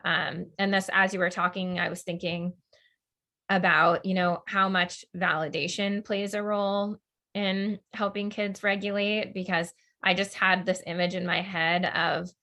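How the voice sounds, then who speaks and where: A woman's voice: on the low side, steady tone, measured pace, pushed and bright. A woman hosting a podcast interview, chatting in an affirming, casual way with many fillers. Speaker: podcast host.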